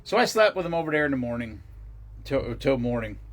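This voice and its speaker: A man's voice: medium pitch, very animated, brisk, gravelly. A middle-aged man hosting a casual livestream, telling rambling stories in a loose, profane way. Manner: rambling, profane storytelling with laughs. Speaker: livestream host.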